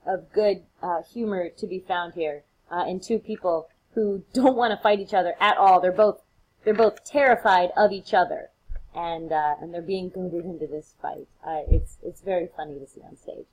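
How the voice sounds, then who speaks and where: A woman's voice: fairly low pitch, moderate pace, darkish tone, rough recording. Casual woman lecturing on a play. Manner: casual, retells scenes with playful acted quotes. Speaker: literature lecturer. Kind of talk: recorded lecture.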